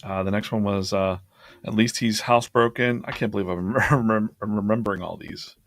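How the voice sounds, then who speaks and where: A man's voice: fairly low pitch, steady tone, moderate pace, fairly bright tone, no echo. A man hosting a drawing livestream, chatting casually and laughing as he rambles through his past sketches.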